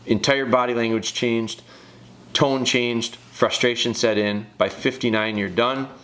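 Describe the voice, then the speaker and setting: His voice is mid-range and fairly bright, with fairly even intonation and a measured pace. He gives casual commentary on a dog training video, coaching the handler head-on and repeating phrases to drive points home.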